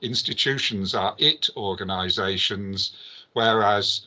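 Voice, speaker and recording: A man speaking at an academic conference, hesitant and pausing often on filler sounds. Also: lowish voice, sharp tone. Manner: hesitant, many filler pauses.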